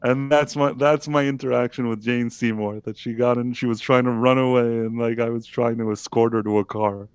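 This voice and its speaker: A man tells a story on a live stream in a loose, rambling, self-deprecating way, full of fillers and restarts. His pitch sits in the ordinary middle, and the sound is dry and close to the microphone. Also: fairly even intonation, fairly quick, hardly any pauses, clean tone, no echo. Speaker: livestream co-host.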